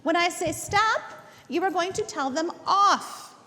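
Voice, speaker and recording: At an indoor dog training facility, a woman with a very high-pitched, pushed, bright voice teaches a class at normal speed, her voice filling a large hall. She gives step-by-step instructions, repeats words for emphasis, and keeps checking in with "okay?".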